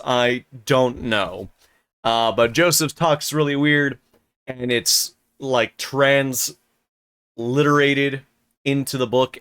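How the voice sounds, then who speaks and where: A man's voice: mid-range voice, a bit bright, smooth. A young man chatting casually on a live reading stream, rambling with many restarts. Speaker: streamer narrating a novel.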